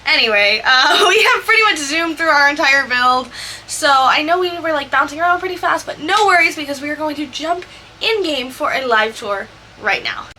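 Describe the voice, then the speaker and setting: A woman's voice: high-pitched, expressive, bright, forceful tone, slight background noise. A young woman telling a chatty, profane story over a video game build. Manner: chatty, profane, quick asides. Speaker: Sims builder and vlogger.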